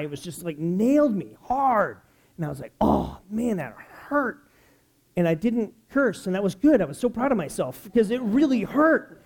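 A man from the United States preaching a sermon as a pastor, telling stories with animated energy that climbs loud when excited. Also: high voice.

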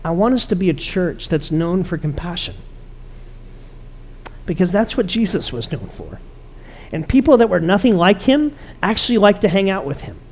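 A man's voice: sits high, big pitch swings, normal speed, darkish tone, slight background noise. A man pastor preaching a conversational, emphatic sermon to his church.

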